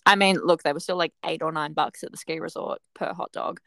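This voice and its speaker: A woman's voice: low-pitched, fairly even intonation, brisk, gravelly, a bit bright, no room sound. A young Australian woman guesting on a podcast, chatting casually with teasing, dry humor and frequent laughs. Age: young adult. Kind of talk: casual chat.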